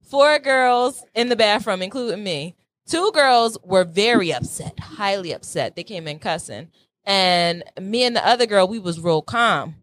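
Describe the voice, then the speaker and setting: A woman's voice: medium pitch, lively intonation, a little slow, a bit bright, dry recording. A woman hosting a casual chat show, candid and chatty, telling personal stories and posing questions to the group. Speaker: podcast host.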